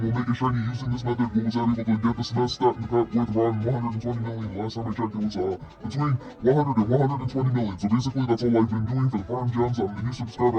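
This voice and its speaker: A man co-hosting a gaming video, with a voice of middling pitch. He reads a viewer's long comment out in a plain, steady manner. Faint music plays under him. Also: poor audio.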